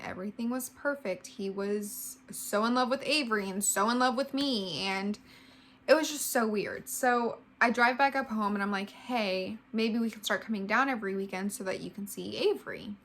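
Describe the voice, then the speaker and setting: A woman's voice: mid-range voice, a bit bright. A woman in her twenties telling a personal story on her vlog, candid and swearing, acting out what people said. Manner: candid, swears freely, acts out quoted dialogue. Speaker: vlogger.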